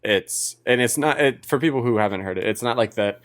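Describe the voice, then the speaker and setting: A man co-hosting a podcast in casual chat, laid-back and quick with short agreeing replies. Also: mid-range voice, no echo. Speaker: podcast co-host.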